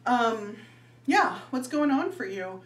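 A woman's voice: fairly high pitch, sing-song, slow pace. A woman, chatting casually and giggling as she talks viewers through clothing prices in a fashion vlog. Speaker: fashion vlogger. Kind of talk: casual try-on haul chat.

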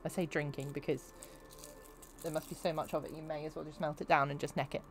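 A woman's voice: low-pitched, little pitch movement, fast talker, a little hiss or hum. A young woman streaming a video game, chatting and giggling with her viewers as she plays. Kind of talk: casual gameplay commentary.

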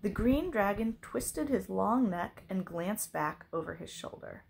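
A woman reading a children's novel aloud, expressive. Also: mid-range voice, a little slow, vocal fry, a little hiss or hum. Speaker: reader.

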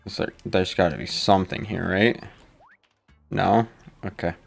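A man's voice: sits low, fairly even intonation, unhurried, vocal fry, slightly rough. A man casually commenting while he plays a game, laid-back and self-mocking, with mumbled asides. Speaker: gaming channel host. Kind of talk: casual let's play commentary. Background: faint game music.

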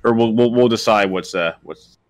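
A man co-hosting a podcast in casual chat, rambling as he pitches ideas, full of likes and restarts. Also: normal speed. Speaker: podcast co-host.

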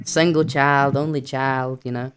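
A man's voice: mid-range voice, little pitch movement, a little slow, clean tone. A man hosting a video chat video, joking and playful. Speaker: host. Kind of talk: casual chat.

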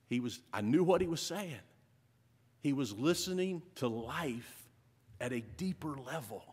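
A male pastor preaching a sermon, building to emphatic repeated phrases and then dropping to a soft close. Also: medium pitch, husky. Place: church sanctuary. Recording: long reverb of a large hall.

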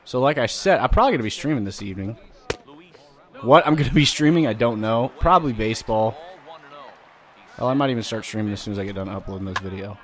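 A man hosting a gaming channel, giving loud, vulgar, excitable commentary while he plays. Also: lowish voice, fast, pauses often. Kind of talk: let's play commentary.

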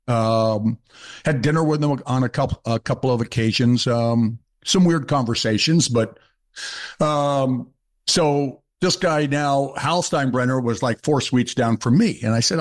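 A man in his seventies, a former ballplayer, telling stories in a casual podcast chat and acting out the fans' shouts. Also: medium pitch, measured pace. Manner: animated storyteller, acts out shouted quotes. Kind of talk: casual storytelling.

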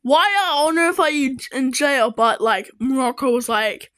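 A young woman giving casual reaction commentary to animated videos, exclaiming and firing questions at the characters on screen. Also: high-pitched, unhurried, poor audio.

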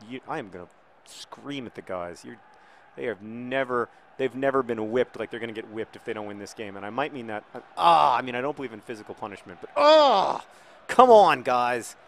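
A middle-aged man talks over his own football video game in a loose, jokey way. His voice sits in a middle range, and he breaks into loud, excited shouts whenever a shot or pass nearly comes off. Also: medium pitch, quick pace, slight background noise. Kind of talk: playing a football video game with live commentary.

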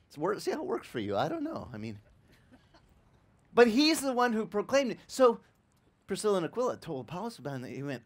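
A man preaching a sermon as pastor, telling lively stories with acted-out quotes and frequent stammered restarts. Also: sits high, fairly quick. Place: church.

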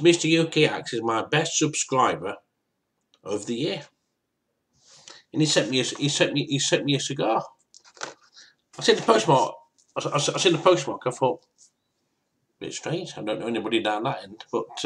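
A man's voice: mid-range voice, a little hiss or hum. A man talking casually to his viewers, rambling and stammering, repeating himself often. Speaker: YouTuber. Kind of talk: casual vlog to camera.

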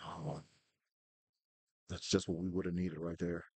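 Low, husky-voiced man calling his game. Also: level tone, unhurried, no echo. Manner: terse, calls out player names, swears when frustrated. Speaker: podcast host playing a football management game. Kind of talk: casual live commentary on his own game.

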